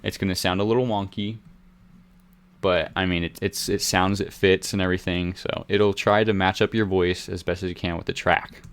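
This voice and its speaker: A young man walking beginners through music software in a casual, rambling way, joking about himself as he goes. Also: sits low, moderate pace, clear, resonant tone. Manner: relaxed, rambling, self-deprecating. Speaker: music software tutorial host. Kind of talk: casual screen-recorded tutorial. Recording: faint music from the software behind. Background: faint music track.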